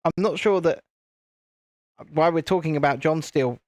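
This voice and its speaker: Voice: medium pitch, normal speed, a little mellow, no room sound, studio quality. A host chatting casually on a live stream while building, rambling and repeating phrases.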